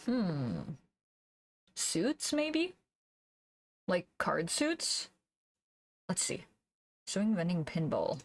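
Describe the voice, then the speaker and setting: A woman streamer chatting casually while she draws, thinking aloud, humming to herself and laughing softly, into a desk microphone. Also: fairly low pitch, wildly swooping pitch, very slow, long pauses, no room sound. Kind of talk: casual live-stream chat while drawing.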